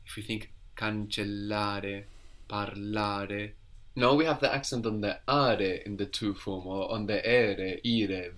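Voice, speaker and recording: A man teaching in a recorded language lesson, patiently explaining and slowly repeating each answer. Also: fairly low pitch, fairly bright tone.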